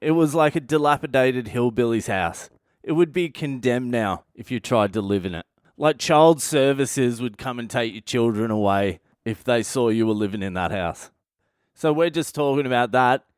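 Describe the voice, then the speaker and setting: A man's voice: medium pitch, animated, moderate pace, clear, resonant tone, no echo, clean studio sound. A man in his thirties with an Australian accent, telling a story in a blunt, casual style with lots of swearing. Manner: swears constantly, blunt and conversational. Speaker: comedian and podcast host.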